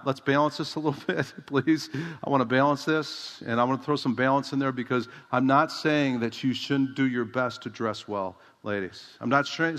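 A man's voice: medium pitch, a bit bright. A middle-aged man preaching a sermon as a pastor, conversational and direct, often asking the congregation rhetorical questions. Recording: long hall reverb.

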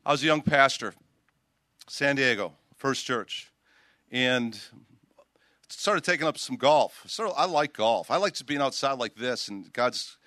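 Bright-voiced older pastor preaching. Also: male voice, mid-range voice, measured pace, dry recording. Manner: animated preaching, reading scripture aloud with emphasis. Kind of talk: sermon. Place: outdoors.

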